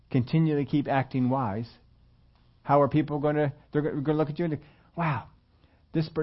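A man preaching a conversational sermon, at times rising loud and emphatic. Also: fairly high pitch, lo-fi sound. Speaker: pastor.

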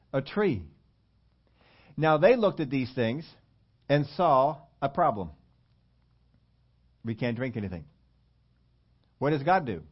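A man preaching a sermon, acting out whiny complaining questions, then dropping low and slowing for emphasis. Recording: dull lo-fi sermon recording.

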